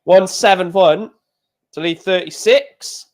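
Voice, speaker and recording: During a casual live reaction stream, a man with a high-pitched voice calls out darts scores. He speaks slowly, rambling between throws, restarting sentences, and getting excitable when talk turns to his football club.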